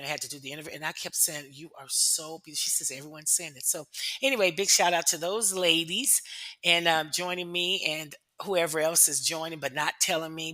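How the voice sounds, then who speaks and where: Bright-voiced chatty woman vlogger. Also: deep voice. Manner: chatty, acts out her own past thoughts in quotes. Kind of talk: casual personal storytelling vlog.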